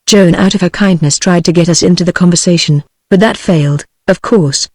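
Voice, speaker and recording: A text-to-speech voice reads a classic novel aloud at a medium pitch. The delivery is even and unhurried, with no theatrical shading. The sound is dry and close, with no room around it. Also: no echo. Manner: even, unhurried synthetic reading. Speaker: audiobook narrator. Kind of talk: text-to-speech audiobook narration.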